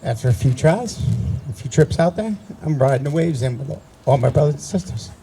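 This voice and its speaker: A man in his sixties from New Jersey speaks at an outdoor memorial ceremony. His voice is gravelly and mellow. He tells family stories casually and often restarts his sentences. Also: on the high side, animated, brisk, slight background noise, low-quality recording. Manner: anecdotal, conversational, with frequent restarts. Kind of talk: personal storytelling speech.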